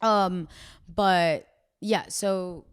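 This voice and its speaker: A young woman in her twenties from Brazil with a Brazilian Portuguese accent, a podcast guest telling stories in a lively way full of "like". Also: lowish voice, very slow, clear, resonant tone, dry recording, studio quality. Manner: animated storytelling, heavy use of "like". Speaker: guest, model. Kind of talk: casual podcast chat.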